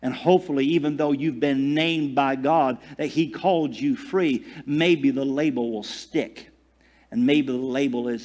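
A man preaching a sermon, swinging from loud declarations to hushed near-whispers, with asides and jokes. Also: mid-range voice, steady tone, moderate pace. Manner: tells jokes and laughs at himself. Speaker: pastor.

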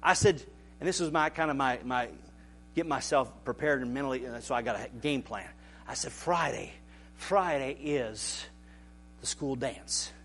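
A man preaching a sermon as pastor, animated and building to shouts. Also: mid-range voice, fairly quick, a little hiss or hum.

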